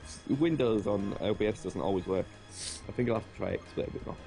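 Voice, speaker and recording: Brief: self-effacing male guest on a call, laughs a lot, soft music behind. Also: on the low side, quick pace, vocal fry. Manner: modest, laughs often, short agreeing replies. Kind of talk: casual voice-call chat.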